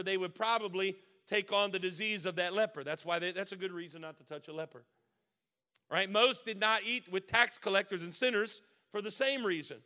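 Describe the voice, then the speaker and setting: High, bright-voiced preaching man. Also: clean tone. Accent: Baltimore. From Maryland. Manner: rises to loud emphatic preaching. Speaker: pastor. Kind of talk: sermon.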